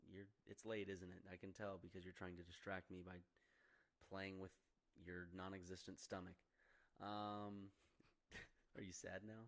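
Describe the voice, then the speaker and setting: A young man co-hosting a casual podcast chat, rambling and swearing freely with frequent laughs. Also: low voice. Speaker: streamer and podcast co-host. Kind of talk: casual banter.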